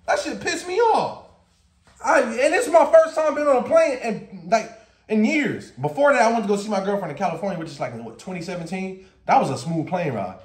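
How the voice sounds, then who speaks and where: A man telling a story in a vlog with animated, profane ranting and laughter. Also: high voice, fairly quick. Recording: roomy echo.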